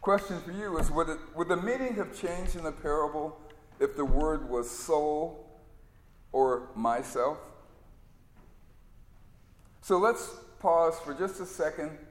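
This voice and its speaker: A man preaches a sermon in a relaxed, storytelling manner, taking his time with every phrase. His voice sits slightly high for a man. It rings through a large hall with a long reverb. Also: measured pace, long pauses. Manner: storytelling, conversational.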